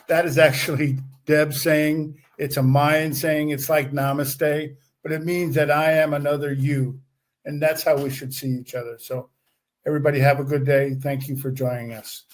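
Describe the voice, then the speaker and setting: A man's voice: fairly high pitch, flat delivery, moderate pace. A man co-hosting a talk show, thanking the guest and closing in a gracious way. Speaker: co-host. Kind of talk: casual show sign-off.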